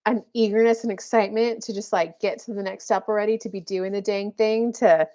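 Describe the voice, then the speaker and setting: A woman's voice: mid-range voice, fairly quick, hardly any pauses, darkish tone. A woman giving a casual, chatty live-stream card reading as a spiritual coach, full of fillers and little acted-out quotes.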